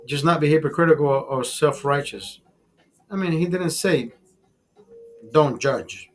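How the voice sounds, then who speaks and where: A man's voice: on the high side, measured pace, faint music behind. A man hosting a casual livestream, swearing freely as he tells a story with emphasis and talks to his chat. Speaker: livestream host.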